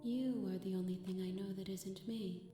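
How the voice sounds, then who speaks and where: A woman voicing a calm, introspective cosmic goddess princess in a video game, speaking slowly and poetically. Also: mid-range voice, natural voice. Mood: serene. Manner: slow, solemn, poetic. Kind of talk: game dialogue. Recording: echoey game audio with loud music. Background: game music.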